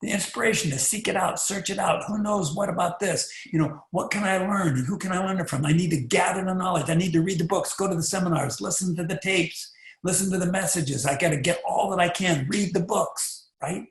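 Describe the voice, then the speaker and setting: A man giving a motivational talk, animated and rhetorical, often asking the listener questions. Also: high voice, brisk. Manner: animated, rhetorical, acts out little voices. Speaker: motivational speaker. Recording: echoey room.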